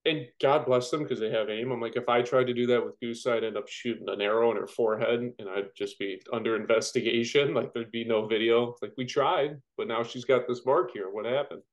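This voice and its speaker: A man's voice: medium pitch, a little fast, hardly any pauses, low-quality recording. Thirtysomething guy on a podcast, jokey, acts out his stories, regular mid voice. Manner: joking, animated storyteller who acts out quotes. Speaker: podcast guest, firefighter. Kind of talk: casual interview chat.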